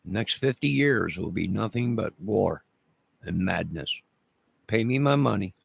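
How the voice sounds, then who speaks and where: A man's voice: on the low side, expressive, a little slow, vocal fry, husky, no echo. A man delivering an angry, profane, repetitive rant to camera, making demands over and over. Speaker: vlogger.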